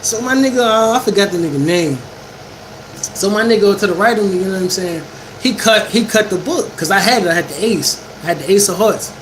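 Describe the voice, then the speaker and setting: A man telling a story to a livestream chat in casual, profane slang, animated and often laughing. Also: high voice, brisk, slight background noise, poor audio.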